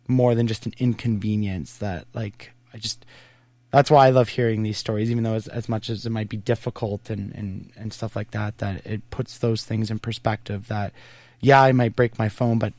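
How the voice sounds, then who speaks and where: A man's voice: fairly low pitch, a little mellow, dry recording. A man hosting a podcast, chatting casually and rambling as he thinks aloud, with many fillers and restarts. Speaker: podcast host. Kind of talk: casual interview chat.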